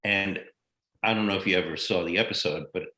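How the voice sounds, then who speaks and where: An older American man, a guest actor telling lively, blunt, profane stories from his career in a casual interview. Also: deep voice, a little fast. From United States. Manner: animated anecdotal storyteller, blunt and profane. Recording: echoey room sound.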